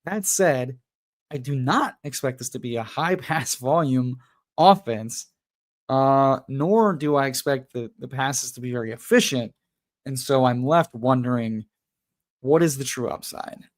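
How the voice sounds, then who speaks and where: A man's voice: medium pitch, measured pace. A young adult man hosting a live fantasy football stream, ranting with heavy profanity and then chatting casually with viewers. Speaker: fantasy football livestream host. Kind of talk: casual livestream chat and rant.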